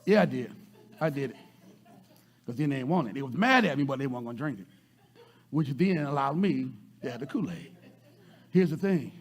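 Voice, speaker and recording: Husky-voiced preaching man. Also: mid-range voice, lively intonation, fairly quick. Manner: folksy preaching, repeats words, swings loud to soft. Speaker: pastor. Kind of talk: sermon.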